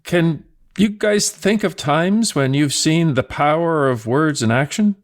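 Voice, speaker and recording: A man hosting a discussion podcast, asking questions and sharing a memory calmly. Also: fairly high pitch, unhurried. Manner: calm, inviting questions. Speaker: podcast host. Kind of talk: casual discussion.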